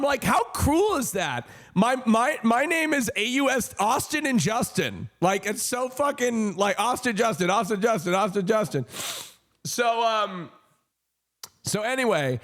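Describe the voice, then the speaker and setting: High-voiced, slow, rambling man. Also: fairly bright tone. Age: 30s. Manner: rambling, laughing and swearing. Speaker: streamer. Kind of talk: casual storytelling on a stream.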